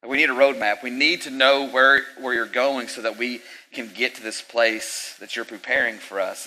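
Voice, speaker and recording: A man's voice: mid-range voice, steady tone, moderate pace, few pauses, sharp tone, rough recording. A male pastor preaching a sermon in an emphatic, repetitive style with conversational asides.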